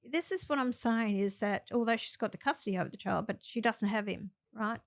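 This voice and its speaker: A woman's voice: on the high side, fairly quick, creaky, no room sound. An older Australian woman, a senator and podcast guest, giving earnest, plain-spoken advice and telling stories from experience. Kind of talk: interview conversation.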